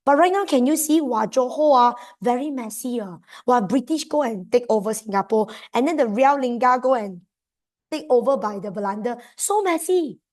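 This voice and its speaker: A young woman with a Malaysian accent, giving an exam revision lesson in a lively, emphatic way. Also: fairly high pitch, moderate pace. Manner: lively, emphatic, mixes in local slang particles. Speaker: tutor.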